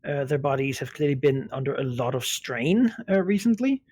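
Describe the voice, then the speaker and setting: Husky-voiced male game master, full of fillers. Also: mid-range voice, very animated, normal speed, a little mellow, no room sound. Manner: hesitant, many fillers. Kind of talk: narrating a tabletop game.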